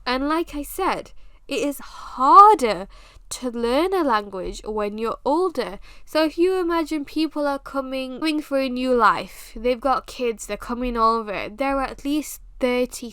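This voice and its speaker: A woman with a high, smooth voice, talking through her views in a casual podcast chat. She leans on her points and says them again for weight. The sound is dry and close. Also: a bit bright, no room sound. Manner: emphatic, repeats points for stress. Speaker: podcast host.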